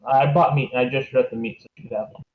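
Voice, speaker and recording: A man's voice: medium pitch, steady tone, fast. Man, tabletop player, in character, polite, playful, muffled lo-fi sound. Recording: dull lo-fi mic.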